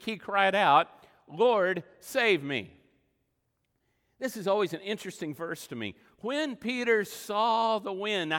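A man preaching a sermon as pastor, emotional, swinging between loud emphasis and quiet asides. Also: sits high, big-room sound. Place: church sanctuary.

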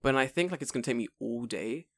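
A man's voice: mid-range voice, quick pace, a bit bright. A British man in casual podcast chat, swearing and laughing often as he talks. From United Kingdom.

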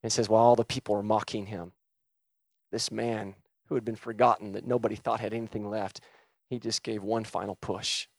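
Guy preaching hard, big swings from shouting to near hush, dry close sound. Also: fairly low pitch, level tone, fairly quick, creaky, no echo. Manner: impassioned, swings from shouting to hushed. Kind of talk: sermon.

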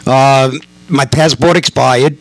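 A man with a New York accent hosting a podcast from home, talking loudly, excitably and with plenty of swearing. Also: medium pitch, slow. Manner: loud, profane and excitable. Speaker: podcast host. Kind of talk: casual podcast chat. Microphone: headphones and mixer.

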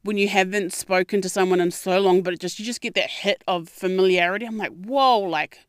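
Speaking a little fast at medium pitch, a young adult woman hosting a podcast shares a personal story. Her casual monologue is candid and expressive, with free swearing and acted-out quotes, recorded dry with clean studio sound.

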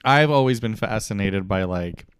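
A man co-hosting a podcast in casual chat, enthusiastic and halting with restarts. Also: fairly low pitch, clear, resonant tone, dry recording. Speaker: podcast co-host.

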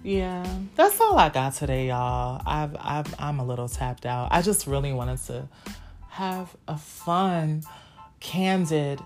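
Brief: low-pitched woman in her twenties, candid solo podcast host, salty and laughing, soft music behind. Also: big pitch swings, slow pace. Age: 20s. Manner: frank, profane, laughing, talks straight to listeners.

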